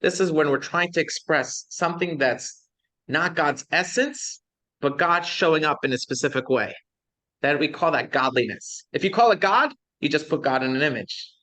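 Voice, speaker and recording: A man's voice: fairly high pitch, lively intonation, moderate pace, pushed and bright. A man, a rabbi, teaching a class in a conversational lecture style, often checking in with his students and asking them questions.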